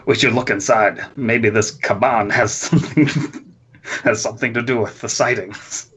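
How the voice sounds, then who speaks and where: A man putting on a hammy cartoon-villain rasp. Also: mid-range voice, steady tone, fairly bright tone, slight background noise, lightly acted. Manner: reads lines haltingly, slipping into a slow drawl.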